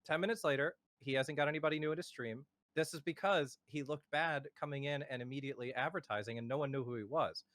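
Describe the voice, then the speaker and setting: A man's voice: on the high side, fast talker, hardly any pauses, a bit bright, no room sound. Storytelling man with a dry, close sound. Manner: storytelling, firm warnings, hesitant fillers. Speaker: streamer. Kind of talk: casual podcast chat, telling anecdotes. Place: home, remote voice call.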